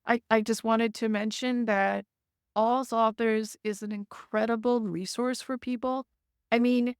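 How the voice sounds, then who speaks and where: A woman author reading her memoir in a measured, gentle way, then talking casually with frequent fillers. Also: a little high, smooth, dry recording, clean studio sound.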